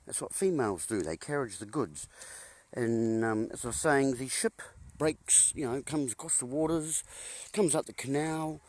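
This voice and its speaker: A man's voice: medium pitch, moderate pace, a little mellow. A man giving a rambling monologue to viewers, punning as he goes, chuckling at his own jokes and calling his listeners folks. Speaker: host.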